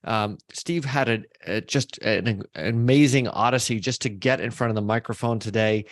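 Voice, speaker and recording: A man's voice: on the low side, normal speed, no room sound. A man in his thirties hosting a podcast, easygoing and joking, who asks long questions. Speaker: podcast host. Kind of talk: casual podcast interview.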